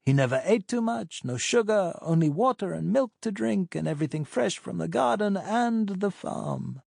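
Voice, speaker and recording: A man's voice: sits high, lively intonation, normal speed, vocal fry, darkish tone, dry recording, clean studio sound, pitched above the performer's own voice, exaggerated voice. A man voicing a chatty older doctor recalling an old friend on the phone. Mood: reminiscing. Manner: chatty, reminiscing.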